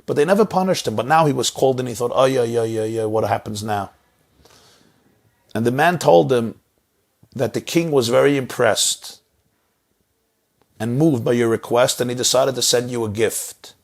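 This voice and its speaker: A man's voice: medium pitch, moderate pace. A man telling a story as a sermon, dramatic and repetitive in his phrasing. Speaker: inspirational speaker.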